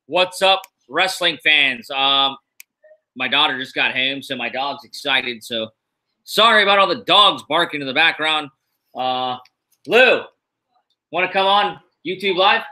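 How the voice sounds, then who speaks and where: Very bright-voiced tired man hosting. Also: fairly high pitch, lively intonation, measured pace, low-quality recording. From US East Coast. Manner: rambling, many fillers, tired but upbeat. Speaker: wrestling podcast host. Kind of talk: casual live-stream chat. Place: home room.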